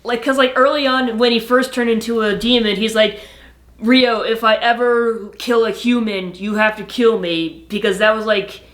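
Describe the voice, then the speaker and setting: A co-host chats about an anime, mostly agreeing with the other speaker. Now and then this voice takes over to fill in plot details at a middle pitch. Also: steady tone, moderate pace, fairly bright tone. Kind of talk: casual chat.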